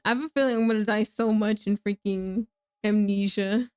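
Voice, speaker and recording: A woman's voice: mid-range voice, fairly even intonation, normal speed, darkish tone, smooth, dry recording. A young woman streaming a horror game, talking to chat, laughing and shrieking at danger. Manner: talks to chat, self-mocking. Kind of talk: live gameplay commentary.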